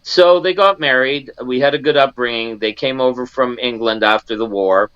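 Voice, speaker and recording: A man's voice: medium pitch, moderate pace, a bit bright, smooth, no room sound, lo-fi sound. A man in his sixties from Canada, a guest in an interview, telling a personal story and acting out the family members he quotes, with many restarts. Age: 60s.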